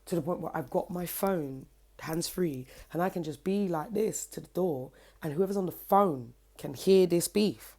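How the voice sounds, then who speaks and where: A young woman, telling a story to camera in a casual, cheeky, animated way, swearing freely, at home. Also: on the low side, normal speed. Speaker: vlogger. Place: at home, indoors by her kitchen window.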